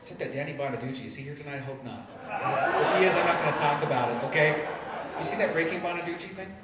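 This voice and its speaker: Rambling comedian in an echoey noisy room. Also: male voice, fairly high pitch, fast talker, distant mic. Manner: rambling, self-deprecating, stammering restarts. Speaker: stand-up comedian. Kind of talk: stand-up comedy set. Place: live comedy venue.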